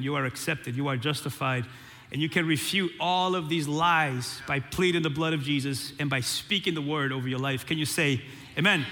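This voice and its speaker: A man preaching a sermon in an animated way, calling out to the congregation. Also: on the high side, fairly quick, in a large hall, some chatter behind. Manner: animated preaching with call-and-response. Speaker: pastor.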